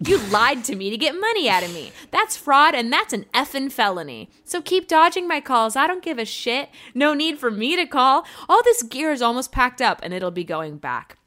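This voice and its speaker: A woman co-hosting a comedy podcast, animated and self-mocking, swearing casually while reading reviews aloud. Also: high voice, normal speed, hardly any pauses. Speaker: podcast co-host.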